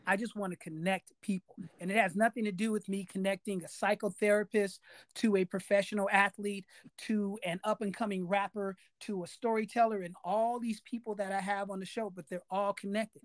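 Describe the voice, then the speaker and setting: A man's voice: sits high, fairly even intonation, a little fast, no echo. A man hosting a podcast interview, talking emphatically in a casual way and repeating key phrases for weight. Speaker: podcast host.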